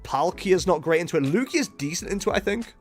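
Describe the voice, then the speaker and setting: Male streamer at home, rambling and self-mocking, with a lively, bouncing voice and faint music behind. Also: high voice, quick pace. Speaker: streamer playing a card game. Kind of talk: casual live-stream commentary.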